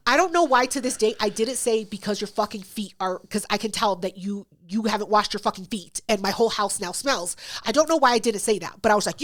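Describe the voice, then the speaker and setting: A woman's voice: on the high side, quick pace, few pauses. A woman hosting a podcast, telling a story in casual, profane chat and acting out both sides of it. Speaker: podcast host.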